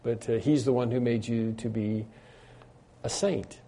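A man's voice: medium pitch, fairly even intonation, a little slow, warm tone. A man preaching a sermon as a pastor, earnest and repeating phrases for emphasis.

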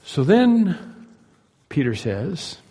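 A man's voice: a little high, big pitch swings, extremely slow, dark tone, slightly rough, in a large hall. A male pastor preaching a sermon in an earnest, emphatic way, asking his listeners rhetorical questions.

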